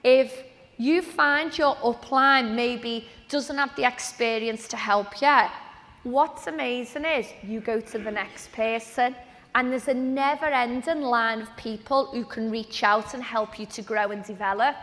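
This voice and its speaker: Bright high-voiced woman on stage. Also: measured pace. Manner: lively, chatty storytelling. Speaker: speaker at a business event. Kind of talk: motivational stage talk. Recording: long reverb of a large hall.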